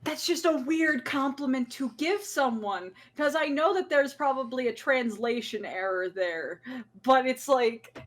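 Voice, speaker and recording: A woman hosts a casual podcast chat with an animated, laughing delivery. Her voice sits a bit higher than most, and she often restarts a sentence when she gets excited. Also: unhurried. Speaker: podcast host.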